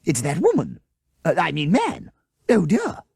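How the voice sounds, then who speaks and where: A man's voice: on the high side, wildly swooping pitch, measured pace, gravelly, a little mellow, slightly rough, no room sound, clean studio sound, pitched above the performer's own voice, exaggerated voice. A man voicing a flustered, absent-minded woman schoolteacher who talks breathlessly and fussily. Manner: breathless, indignant, fussy.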